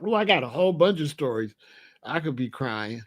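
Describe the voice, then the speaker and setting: A man hosting a comedic monologue, an animated, profane storyteller who laughs often. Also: a little high, a little fast. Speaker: podcast host.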